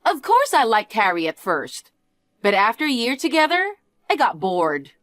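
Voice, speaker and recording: A woman's voice: a little high, wildly swooping pitch, moderate pace, fairly bright tone, no room sound, studio quality. A woman voicing a spoiled young niece who stole her aunt's husband, talking in a sneering, sing-song, teasing way in a scripted dialogue drama. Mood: flippant.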